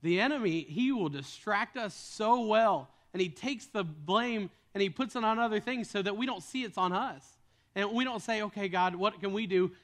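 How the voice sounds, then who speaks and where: A man's voice: high-pitched, moderate pace, a bit bright. A young man preaching a sermon with earnest storytelling, often repeating words as he starts sentences. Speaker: pastor.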